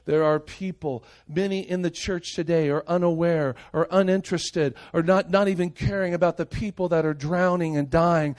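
A male pastor preaching a sermon with passion, moving between raised, urgent lines and quiet, hushed ones. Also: a little high, fairly even intonation, normal speed, few pauses. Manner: impassioned preaching, swinging between loud and hushed.

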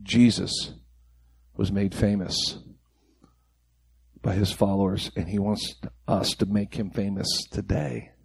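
A man's voice: lowish voice, flat delivery, slow pace, vocal fry, pauses often, a little mellow, breathy edge, no echo. A man preaching a sermon to his church congregation, emphatic and impassioned, firing off rhetorical questions. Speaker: pastor. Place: church service before a congregation.

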